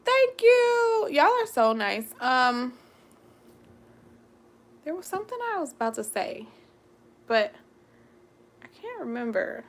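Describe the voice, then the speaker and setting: Young woman vlogger chatting live, loud and giggly, high voice that swings all over. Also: takes it slowly, pauses often. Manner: expressive and loud; giggly, laughs often. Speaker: vlog host. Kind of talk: live casual chat with viewers.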